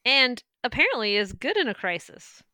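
A woman's voice: on the high side, very animated, normal speed, sharp tone, no room sound. Playful laughing woman co-host, dry sound. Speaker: podcast co-host. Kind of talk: casual chat.

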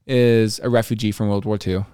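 A man's voice: fairly low pitch, moderate pace, clear, resonant tone, dry recording. A young man in casual podcast chat, telling stories in an easy, joking way. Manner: lively storyteller, laughs often. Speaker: podcast co-host.

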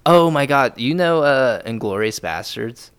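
A man's voice: mid-range voice, expressive, unhurried, a bit bright, smooth. A young man co-hosting a podcast in casual chat, swearing often and laughing easily. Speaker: podcast co-host.

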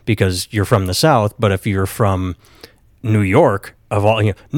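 A man's voice: lowish voice, unhurried, dry recording, clean studio sound. A man in casual conversation, blunt and sardonic, swearing freely. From northern United States. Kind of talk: casual chat.

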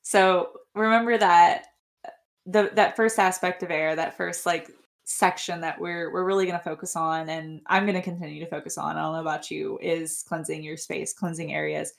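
Low, gravelly woman co-hosting a podcast. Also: steady tone, normal speed. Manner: rambling, restarts, laughs often. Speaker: podcast co-host. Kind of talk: casual podcast chat.

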